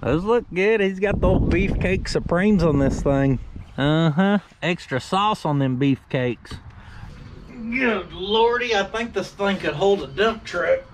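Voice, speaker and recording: A man's voice: high voice, expressive, unhurried, slight background noise. A man hosting a shop vlog outdoors, talking in a joking, folksy way with country slang. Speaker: shop owner and channel host. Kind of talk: casual vlog commentary. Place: outdoors behind a workshop, by a carport.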